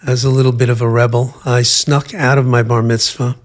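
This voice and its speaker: An older man speaks as an interview guest, recalling his past in a measured, reflective way. His pitch sits at a middling level for a man. He often stops to hesitate with fillers before he goes on. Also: flat delivery. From United States.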